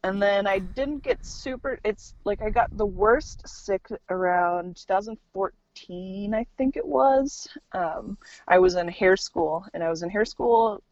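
Young woman, podcast guest, casual storytelling, animated, laughs a lot, dry slightly muffled audio. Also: medium pitch, a little slow, no room sound. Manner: animated, laughs often, acts out the people she quotes. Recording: slightly dull, dry recording.

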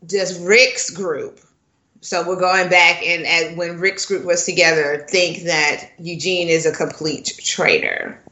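A woman's voice: lowish voice, fairly even intonation, takes it slowly, bright, forceful tone. A woman co-hosting a podcast, giving opinionated takes in a casual chat about a TV episode, thinking aloud as she goes. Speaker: podcast co-host. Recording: roomy echo.

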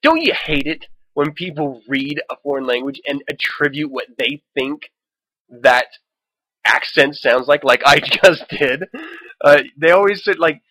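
A man's voice: a little high, unhurried, sharp tone, dry recording, rough recording. A man hosting a solo podcast, talking casually, reading book passages aloud and adding wry, profane asides. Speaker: podcast host.

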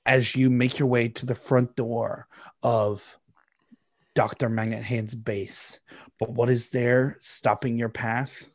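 A man's voice: medium pitch, little pitch movement, takes it slowly, dry recording. A man narrating as game master of a tabletop game, playful and rambling, with frequent fillers.

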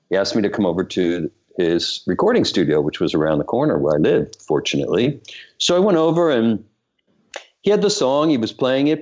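A man, a choreographer and director, telling lively stories in an interview and acting out the people in them. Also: fairly low pitch, moderate pace. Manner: animated anecdote-telling, voices the people in his story. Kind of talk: storytelling interview. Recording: muffled lo-fi sound.

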